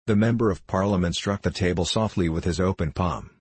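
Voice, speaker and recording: Low, husky male narrator. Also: brisk, a little mellow, dry recording. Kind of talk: audiobook narration.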